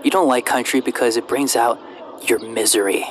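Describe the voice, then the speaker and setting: A young man from Pennsylvania hosting a podcast, playful and quick to laugh in casual chat. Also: mid-range voice, fairly even intonation, a little hiss or hum. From central Pennsylvania. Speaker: podcast host.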